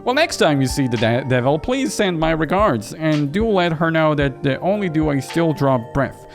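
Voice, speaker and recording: A man's voice: on the high side, lively intonation, normal speed, faint music behind. A man reading aloud the lines of a friendly, chatty young small-town woman, telling stories with a teasing edge. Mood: defiant. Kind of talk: reading game dialogue aloud.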